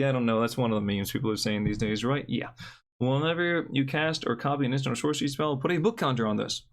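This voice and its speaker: A man's voice: medium pitch, animated, quick pace. A young man giving a casual, joking card review with blunt opinions.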